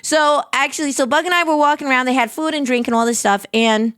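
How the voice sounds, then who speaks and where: Female streamer, bright high register, rambling and excitable, close dry sound. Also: fast, clean tone, dry recording. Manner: excitable and rambling, heavy on filler words. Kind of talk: casual stream chat.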